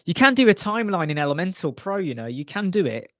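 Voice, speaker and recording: A man hosting a casual live web chat about web design, talking in an animated way and repeating his points for emphasis. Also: high-pitched, quick pace, no echo, studio quality. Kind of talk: casual live-stream chat answering viewers. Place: small home studio room with soundproof panels.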